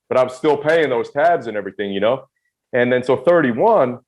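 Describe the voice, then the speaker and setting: Fast-talking man, dull lo-fi sound. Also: medium pitch, expressive, darkish tone. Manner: rapid, emphatic, self-deprecating retelling. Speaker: guest. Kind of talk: candid storytelling interview.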